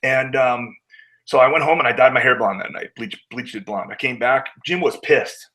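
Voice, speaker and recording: A man's voice: mid-range voice, moderate pace, pushed and bright, rough recording. Candid male wrestler telling stories. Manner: candid, acts out quotes of others, swears. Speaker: guest, pro wrestler. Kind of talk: casual storytelling interview.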